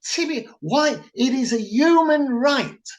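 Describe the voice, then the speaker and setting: Animated Mancunian man telling a story. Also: very high voice, slow. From Manchester, England. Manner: animated storytelling, loud and blunt. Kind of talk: casual chat.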